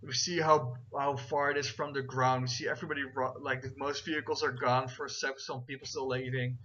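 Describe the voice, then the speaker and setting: A man with a medium-pitched, sharp voice narrates a tabletop game as game master over voice chat, a little fast and level in tone. He rambles with lots of fillers and checks the rules aloud as he goes. The chat audio is dull and lo-fi with faint noise.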